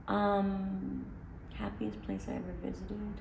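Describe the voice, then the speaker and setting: A woman's voice: medium pitch, flat delivery, measured pace, creaky, echoey room, a little hiss or hum. A woman singer chatting from home as she answers fan questions, loose and slangy with plenty of filler. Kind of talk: casual chat. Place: her home.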